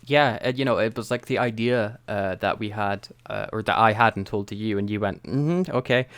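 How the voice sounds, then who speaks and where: A man's voice: on the low side, level tone, fairly quick, fairly bright tone, smooth, no room sound. A Scottish man co-hosting a podcast, chatting casually and hesitantly about a TV episode, laughing often. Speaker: podcast co-host. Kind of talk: casual chat reviewing a TV episode.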